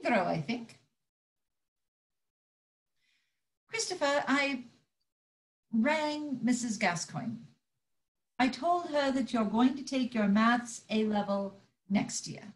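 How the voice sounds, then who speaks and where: Woman reads frayed mum, lively high voice, close to breaking. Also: slow. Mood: gentle. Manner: pleading, strained. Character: stressed mother Judy, frayed but loving. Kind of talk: live script reading over video call.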